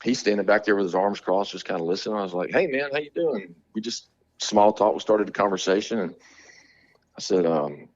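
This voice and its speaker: A man with a fairly low voice tells stories in a relaxed interview, using plenty of slang and laughing as he goes. His recording sounds dull and a little lo-fi. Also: fairly quick. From Montgomery, Alabama. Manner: animated, laughing, slangy storytelling. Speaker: guest musician, drummer. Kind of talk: casual storytelling interview.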